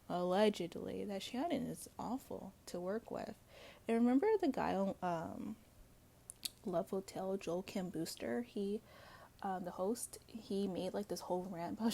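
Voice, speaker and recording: Gravelly-voiced woman dishing gossip. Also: medium pitch, mellow. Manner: blunt, gossipy, swears freely; chatty with frequent fillers and asides. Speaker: reality TV commentary host. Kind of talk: casual solo commentary to viewers.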